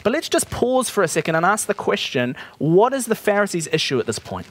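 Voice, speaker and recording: A man's voice: high voice, big pitch swings, brisk, fairly bright tone. A man preaching a sermon, reading from the Bible and explaining it in a conversational way, asking his listeners questions.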